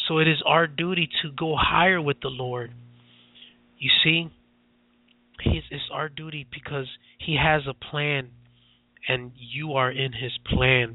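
A man's voice: on the high side, no room sound. A man preaching a sermon who keeps asking his listeners questions over and over, on a dry, tinny phone-like recording. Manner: repetitive rhetorical questions to listeners.

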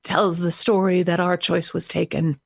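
Woman podcast host, low calm voice, dry close sound, reflective and affirming. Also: normal speed, creaky, husky, no room sound. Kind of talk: interview and show announcement.

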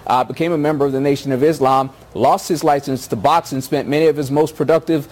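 A man's voice: fairly high pitch, steady tone, fast talker, a little mellow. A man giving thoughtful political analysis on a news panel, with frequent hesitations. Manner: thoughtful, with many uh fillers. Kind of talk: measured news panel commentary.

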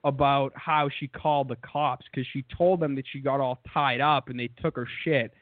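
A man's voice: mid-range voice, steady tone, moderate pace, dry recording, narrow, tinny audio. A man co-hosting a podcast, retelling stories in a profane way and putting on mocking voices. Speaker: podcast co-host. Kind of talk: casual storytelling chat.

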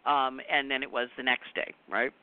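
A woman's voice: a bass voice, steady tone, moderate pace. A woman astrologer giving her weekly forecast in a chatty monologue, repeating words for emphasis and telling personal anecdotes. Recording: tinny phone-like audio.

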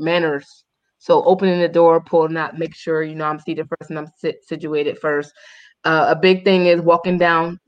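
A woman co-hosting a podcast, telling a dating story in casual chat, candid and animated with frank profanity. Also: low-pitched, lo-fi sound. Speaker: podcast co-host.

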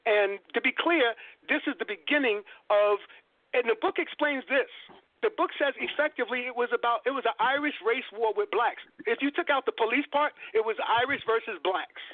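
A very high-pitched man holds forth over a thin, tinny phone line, emphatic and insistent. He lectures like a professor, circling back to repeat his key points and calling listeners brother. The sound is dry, with no room around it. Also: fairly quick, no echo. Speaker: guest, politics professor. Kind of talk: impassioned lecturing on a call-in show. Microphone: telephone.

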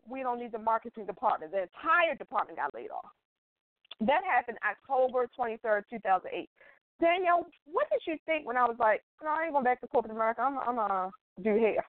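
A middle-aged woman hosting a live call-in style show, chatty and emotional, rambling freely between thoughts. Her slightly high voice comes through a tinny phone line. The sound is dry and close. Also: no echo. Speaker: show host and salon owner. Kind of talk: casual live interview show.

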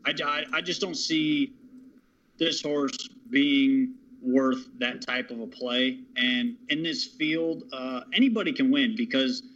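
A man handicapping harness races, talking confidently but haltingly with many fillers. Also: mid-range voice, fairly bright tone, muffled recording. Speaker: racing handicapper. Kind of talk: horse racing handicapping talk.

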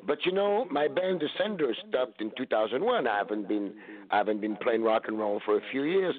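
A man from France with a French accent, a bit hoarse from a blown-out voice, chatting in a relaxed, rambling way as a guest author. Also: medium pitch, a little fast. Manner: relaxed, rambling, laughs often. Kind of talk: casual interview chat. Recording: tinny phone line.

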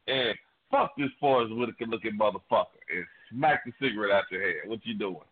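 A man's voice: fairly low pitch, fairly quick, husky. A man co-hosting a radio talk show, chatting casually and profanely, rambling with many fillers. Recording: phone-like narrow band.

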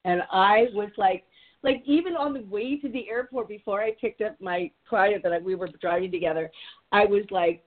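A middle-aged woman hosts a podcast, telling a story in a rambling, chatty way and saying "like" a lot. Her voice is mid-range at a moderate pace, and the sound is tinny, like a phone.

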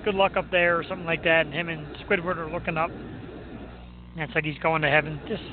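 A man's voice: fairly high pitch, steady tone, a little fast, noisy background. A man hosting a radio show, chatting casually in a joking, self-mocking way. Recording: tinny phone-like line.

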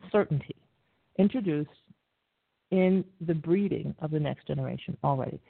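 Gravelly woman host on a tinny phone line. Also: lowish voice, no room sound. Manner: measured lecturing with frequent pauses and fillers. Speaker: radio show host. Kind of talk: talk radio monologue.

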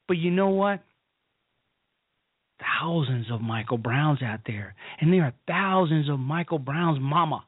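A man's voice: on the high side, no room sound. A man from the south side of Chicago hosting a call-in radio talk show, delivering blunt, emphatic commentary. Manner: slow, emphatic, preachy. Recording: dry, phone-like call-in radio line.

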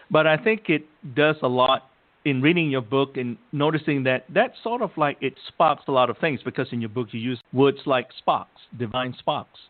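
A male host asking interview questions, with encouraging responses to his guest. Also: mid-range voice. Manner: encouraging, frequent affirming murmurs. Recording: phone-like narrow sound.

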